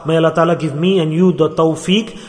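A religious teacher delivers an earnest sermon in an echoey hall, repeating key phrases and stressing them emphatically. His voice is on the high side, steady, a little fast, and a little mellow.

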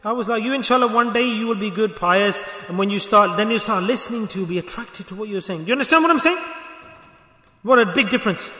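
A man preaching a lesson as a Sufi teacher, lively and acting out little dialogues, sometimes rising to a shout. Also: high voice, fast talker, echoey room, long reverb tail. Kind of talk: sermon.

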